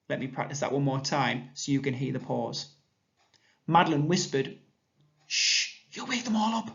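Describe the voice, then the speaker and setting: A man with an English accent leads a recorded grammar lesson for young pupils. His voice sits slightly high, and he explains each step patiently and clearly. The recording sounds dull and lo-fi. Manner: clear, patient explanation, reading examples aloud with lifted voice. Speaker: primary school teacher.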